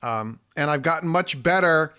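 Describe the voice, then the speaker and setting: A man's voice: on the high side, moderate pace, bright, forceful tone, clear, resonant tone. A man hosting a solo podcast in casual, chatty talk, self-deprecating and full of ums, speaking into a microphone at his desk. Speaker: podcast host. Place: home desk with computer. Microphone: studio microphone.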